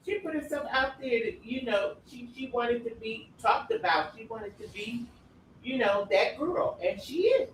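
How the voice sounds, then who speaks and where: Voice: mid-range voice, lively intonation, measured pace, rough recording. A co-host talking casually and cutting in with opinions during a live recap chat. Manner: conversational, interjecting. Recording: faint background noise.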